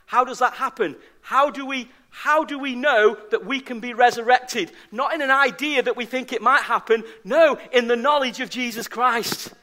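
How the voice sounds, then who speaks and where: A man's voice: very high voice, moderate pace, few pauses, bright, forceful tone. A man preaching a sermon as pastor, emphatic and fond of repeating key phrases for stress. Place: church service.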